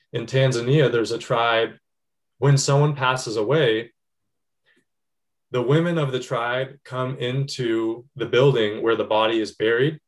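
A man talking earnestly and reflectively in a casual conversation, piling up actions in long flowing lists. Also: mid-range voice.

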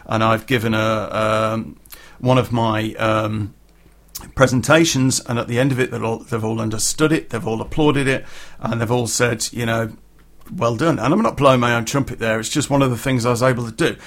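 A middle-aged man tells a personal story for a podcast in a casual, unscripted way. His voice sits at an ordinary mid pitch. His talk is blunt and earthy, with some swearing and frequent ums and uhs. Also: fairly even intonation, a little fast.

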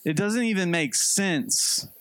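A young male pastor with a high voice, preaching in a lively, animated way and acting out the people he quotes. The sound is dry and close, with no room around it. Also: takes it slowly, no echo. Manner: animated, acts out quotes with a jumpy pitch. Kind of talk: sermon.

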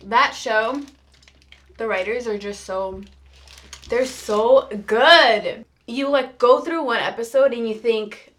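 Young female podcast co-host, bubbly and gushing, slightly high voice, casual chat. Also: slow, a bit bright.

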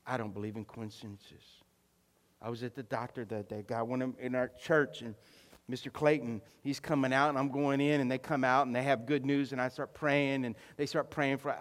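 A middle-aged pastor, telling stories from his family and rising into fervent preaching in a church sermon. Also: mid-range voice. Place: church sanctuary. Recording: long hall reverb.

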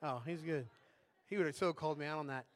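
A man's voice: a little high, fast talker. A man preaching a sermon as a pastor in a conversational way, often checking in with tag questions.

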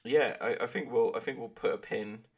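A man's voice: medium pitch, brisk, slightly rough. A man co-hosting a casual podcast, dry and teasing as he reacts to jokes. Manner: dry, teasing, laughs along. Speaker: podcast co-host. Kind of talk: casual chat.

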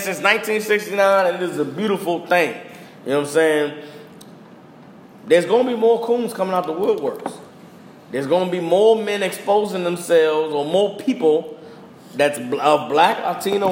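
A young man with a fairly high voice holds forth in a heated, casual rant, blunt and emphatic, hammering his points home with slang and repetition. His voice rings in a roomy space with a long reverb tail. A faint hum of noise sits underneath. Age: young adult. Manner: blunt, emphatic, slang-heavy, repeating phrases for punch. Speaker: podcast host.

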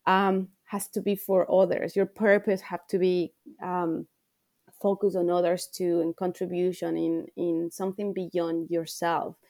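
A woman's voice: fairly low pitch, flat delivery, a little slow, mellow, no echo, studio quality. A woman coach speaking as a podcast guest, earnest and reflective, repeating phrases for emphasis. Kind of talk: podcast interview.

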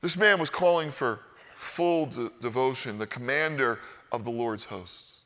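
A man preaching a conversational sermon as pastor, animated and often checking in with the congregation. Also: mid-range voice, unhurried, in a large hall. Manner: animated, conversational, keeps asking "right?".

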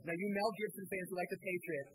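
A young American pastor preaches a sermon in a church, casually telling stories full of fillers. His husky voice sits high with fairly even intonation and moves fast, on a rough recording.

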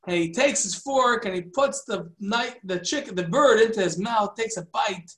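Male storyteller, halting and filler-heavy, mixes in Yiddish and Hebrew words, roomy echo. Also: high-pitched, fairly bright tone. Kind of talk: telling a folk tale.

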